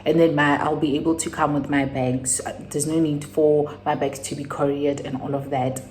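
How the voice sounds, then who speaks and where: A young woman from South Africa with a South African accent tells a personal story on her channel. She rambles and restarts, then jumps to high exclamations. Her voice sits fairly low for a woman. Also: moderate pace. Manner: animated, rambling retelling with sudden high exclamations. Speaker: YouTuber. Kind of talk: casual storytime.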